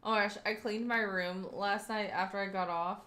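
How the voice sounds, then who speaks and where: Her mid-range voice is steady, pushed, and bright, at normal speed. This young Kentucky woman chats with livestream viewers in a rambling, filler-heavy way, reading chat aloud, with the sound echoing around a roomy home room.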